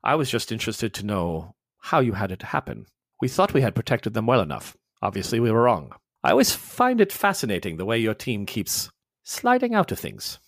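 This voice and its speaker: A man's voice: lowish voice, sing-song, fairly quick, no room sound, studio quality, voice pushed down. Man putting on a cold officer. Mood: coldly polite. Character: cold scarred German officer Mueller, menacing and civil.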